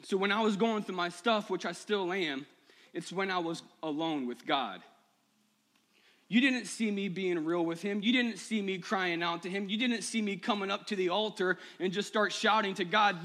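A male pastor preaching a personal sermon to his church, moving from quiet confession to impassioned, rising appeals. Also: high voice, moderate pace. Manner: personal, builds to impassioned shouting. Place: church sanctuary.

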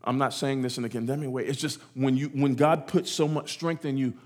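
A man's voice: mid-range voice, fairly even intonation, brisk. A man preaching a sermon to a congregation in a church, repeating phrases and acting out voices as he goes. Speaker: pastor.

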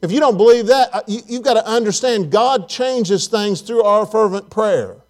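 A man's voice: high voice, moderate pace. A man preaching a sermon in a church auditorium, emphatic, repeating phrases and putting questions to the congregation.

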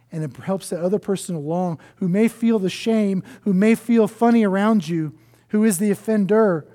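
A male pastor preaching a sermon in an earnest way, often dropping to a soft hush to stress a point. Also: high voice, moderate pace.

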